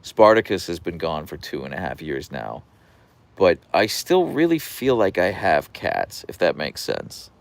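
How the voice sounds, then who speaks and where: Calm, creaky-voiced man chatting on a livestream. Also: low voice, unhurried, no room sound. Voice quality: calm, radio-like voice. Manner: soft-spoken, relaxed, reads viewer comments aloud. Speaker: livestream host. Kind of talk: casual live-stream chat reading comments.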